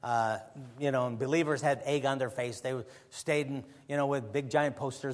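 A man's voice: medium pitch, fairly even intonation, normal speed, big-room sound. A man preaching in a conversational way, emphatic at times and often drifting into rambling asides. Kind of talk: conversational sermon.

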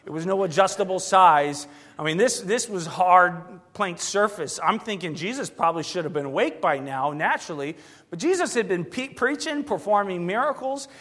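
A man preaching a sermon to his church in a conversational, digressive way, swinging between loud and hushed. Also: sits high, animated, moderate pace. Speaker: pastor.

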